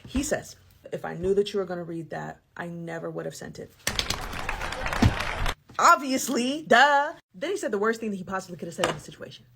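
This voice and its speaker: A woman telling a personal story to camera in a casual, animated way, full of slang and laughter. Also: fairly low pitch, racing, vocal fry, background noise. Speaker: storyteller vlogger.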